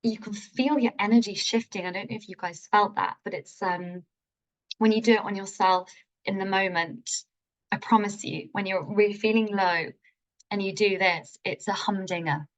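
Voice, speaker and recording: A woman's voice: medium pitch, fairly even intonation, normal speed. A woman leading a live online healing masterclass, enthusiastic and informal, with playful turns of phrase. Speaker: healing workshop teacher.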